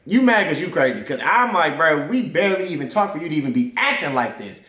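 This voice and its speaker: A man's voice: on the high side, very animated, fast talker, sharp tone. A young man animatedly telling a personal story in casual slang, leaning on "I'm like" to replay the scene. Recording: roomy echo.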